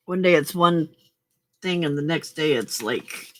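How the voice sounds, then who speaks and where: A woman's voice: low-pitched, measured pace, a bit bright. A woman hosting a casual late-night crafting livestream from home, chatting to viewers and talking to herself as she works. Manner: chatty, talks to herself while working, greets viewers. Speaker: livestream host.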